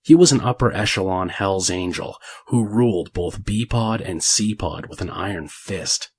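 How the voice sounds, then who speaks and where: Deep, husky man narrating a horror story. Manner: measured, gritty storytelling with crude language.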